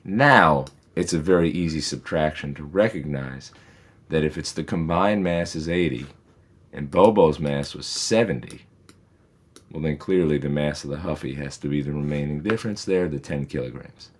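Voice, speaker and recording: A man's voice: extremely low pitch, moderate pace. A man, a physics teacher, patiently and methodically walks through homework problems in a recorded lesson, with reassuring asides.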